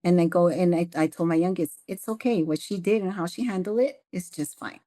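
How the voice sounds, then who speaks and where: A middle-aged mother appearing as an interview guest earnestly recounts events and quotes what people told her in a casual chat. Her voice is mellow and fairly low, and she talks a little fast.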